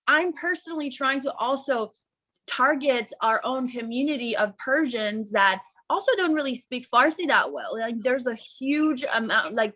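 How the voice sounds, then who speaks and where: A woman's voice: on the high side, a bit bright. A woman on a team video call giving casual advice, chatty and full of fillers. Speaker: team member.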